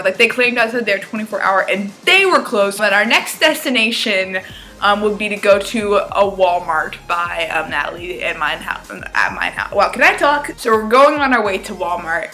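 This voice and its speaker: A woman's voice: mid-range voice, pushed and bright. A seventeen-year-old girl telling a storytime vlog, rambling, laughing and swearing freely. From Arizona, US. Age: teens. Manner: profane, laughing, fast rambling. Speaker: vlogger.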